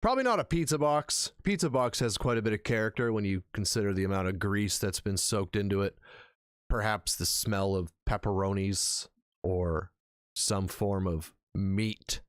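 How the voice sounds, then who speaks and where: A man's voice: on the low side, moderate pace, clear, resonant tone, no room sound, studio quality. A man hosting a live reaction stream and roasting what he watches with sarcastic jokes.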